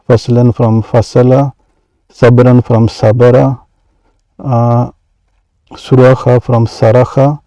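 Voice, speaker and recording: Male teacher, dark mellow voice, halting delivery full of fillers, dry close recording. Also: medium pitch, no echo, low-quality recording. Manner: hesitant, many fillers and restarts, reads Arabic quickly then translates. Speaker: Arabic grammar teacher. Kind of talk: explaining lesson examples.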